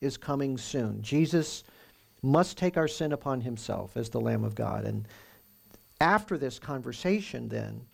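A man pastor teaching through a Bible passage in a conversational, explanatory way, with animated emphasis. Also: medium pitch, a little slow, creaky, breathy edge.

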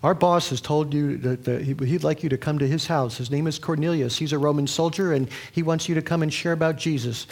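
A man's voice: on the high side, a little fast, hardly any pauses, darkish tone. A man voicing a male messenger delivering a request in a matter-of-fact way. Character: plain-spoken male messenger at a door.

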